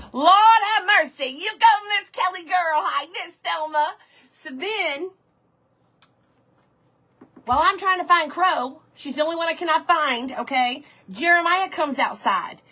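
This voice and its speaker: A woman's voice: high voice, pushed and bright, poor audio. A woman telling a story during a live stream, greeting viewers by name as she chats. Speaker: livestream host. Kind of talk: casual storytelling while reading live comments.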